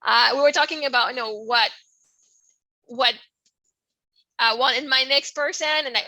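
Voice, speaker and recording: A middle-aged woman with a French Canadian accent, hosting her own podcast in a rambling, expressive monologue that keeps coming back to "right?" and "like". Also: high-pitched, normal speed, long pauses, no room sound, poor audio. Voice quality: expressive, laughs often, swings from soft to loud. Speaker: podcast host. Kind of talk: casual personal monologue.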